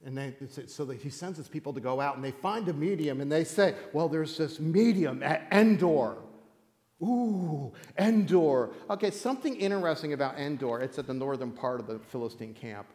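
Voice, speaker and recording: A man preaching as a pastor, telling a Bible story like a campfire tale, animated and joking, acting out voices and laughing often. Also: mid-range voice, quick pace, hardly any pauses, in a large hall. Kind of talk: sermon told as a playful campfire story.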